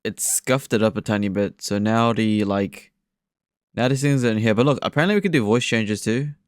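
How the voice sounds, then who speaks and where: A young man vlogging in a casual, joking way into a desk microphone. His voice is smooth and resonant, and the sound is close and dry with no room echo. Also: fairly low pitch, fairly quick. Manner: playful, joking, testing mic effects. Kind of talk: casual chat. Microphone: desk USB microphone.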